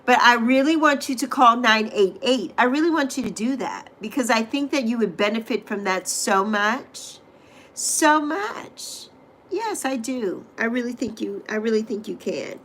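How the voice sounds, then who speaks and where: High, lively-voiced woman livestream host. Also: moderate pace, a little hiss or hum. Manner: greets viewers by name, repeats phrases, gushing and affectionate. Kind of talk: casual livestream chat with viewers.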